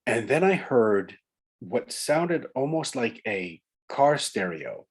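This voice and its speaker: A man's voice: medium pitch, sing-song, takes it slowly, slightly rough. A man from Long Island, an author and guest, telling a ghost story in casual chat, building suspense through repetition. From Long Island, New York.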